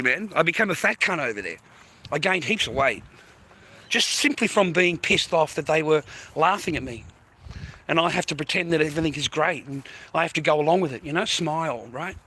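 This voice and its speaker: A man's voice: fairly high pitch, bright, forceful tone, husky. Swearing, blunt man. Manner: coarse, swearing, emphatic. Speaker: vlogger giving advice to men. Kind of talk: blunt motivational monologue.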